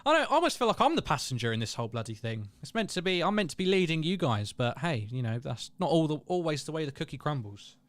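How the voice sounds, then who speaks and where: A young man hosts a live match watchalong, chatting casually, reading out viewer comments, and calling the play with a self-deprecating streak. His fairly high voice is very animated and quick, with hardly any pauses and no echo.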